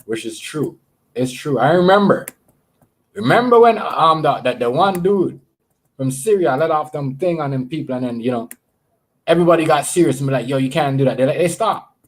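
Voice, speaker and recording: Male streamer, slightly husky, loose profane rambling chat to viewers, from Canada. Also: fairly high pitch, expressive, moderate pace. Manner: rambling, profane, repeats words. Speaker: live streamer. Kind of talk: casual livestream chat.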